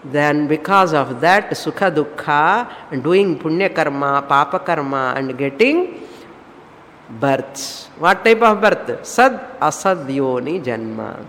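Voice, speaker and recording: A man with a Tamil Indian English accent gives a scriptural discourse in a high, bright voice, asking rhetorical questions and dropping in scripture terms. The sound rings with a long hall reverb over a faint hiss. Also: expressive, slow pace. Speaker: spiritual teacher.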